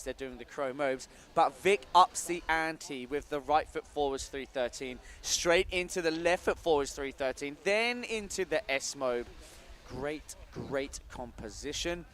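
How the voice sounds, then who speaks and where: A man's voice: a little high, fairly bright tone. A man commentating live on a sports stream, giving enthusiastic play-by-play and rattling off trick names.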